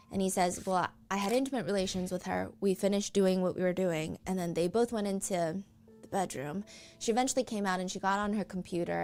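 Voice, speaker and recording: Conversational woman recapping testimony. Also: medium pitch. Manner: conversational, says "like" often. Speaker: streamer recapping a trial. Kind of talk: casual commentary reading court testimony aloud.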